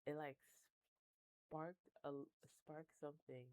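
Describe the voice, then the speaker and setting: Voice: medium pitch, level tone, slow, darkish tone, smooth, no echo, rough recording. A tarot reader chatting through a casual reading to camera, rambling, laughing often and swearing offhandedly.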